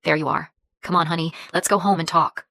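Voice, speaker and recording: A woman voicing a controlling middle-aged mother with a sharp, snapping way of talking that turns syrupy when she coaxes. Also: low-pitched, fairly even intonation, brisk, creaky, dry recording, clean studio sound, heavily acted. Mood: coaxing.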